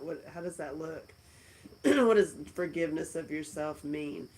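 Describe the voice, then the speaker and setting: A woman's voice: low voice, normal speed, darkish tone, low-quality recording. A middle-aged woman hosting a casual live stream, chatting and laughing as she answers viewer comments from a friend's house. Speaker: livestream host.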